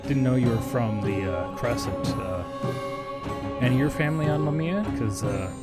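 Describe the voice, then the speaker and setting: A man's voice: medium pitch, normal speed, over loud music, close to an everyday voice. Man doing a brash trash-talking short racer. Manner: mocking, crude, swaggering.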